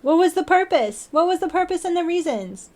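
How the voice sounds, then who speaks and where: On a laid-back livestream, a young woman talks in a very high, animated voice that's a bit quick and slightly mellow. Giggling and chatty, she addresses viewers while cooing at her cats in baby talk.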